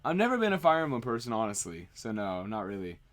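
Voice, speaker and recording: A man's voice: fairly low pitch, very animated, fast, fairly bright tone. A man streaming, chatting casually and rambling as he answers viewer questions. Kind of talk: casual livestream chat.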